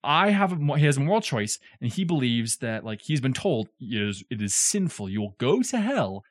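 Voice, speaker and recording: A man with a lively voice that swings up and down as he explains a novel to his co-hosts, chatty and digressive with little joking asides. The sound is close and dry, with no room around him. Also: medium pitch, moderate pace, dry recording. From southern United States. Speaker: podcast co-host explaining a classic novel. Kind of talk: casual explanatory chat.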